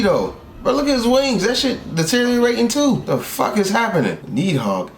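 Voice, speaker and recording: A young man from South Carolina, reacting to an anime in casual, excitable and profane commentary from a room at home. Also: high voice, moderate pace, few pauses. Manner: excitable, profane, animated outbursts. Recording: roomy echo, faint background hiss.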